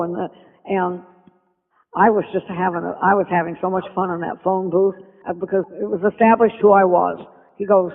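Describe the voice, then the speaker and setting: An older woman telling stories as a podcast guest, animated and acting out the voices of people she quotes. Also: mid-range voice, normal speed. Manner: animated storyteller who acts out quoted speech. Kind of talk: reminiscing interview storytelling. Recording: tinny phone line with long reverb.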